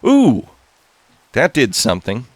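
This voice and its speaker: A man hosting a gaming channel, giving excitable, casual commentary to viewers as he plays. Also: mid-range voice, slow, no echo. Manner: excitable, talks to viewers while playing.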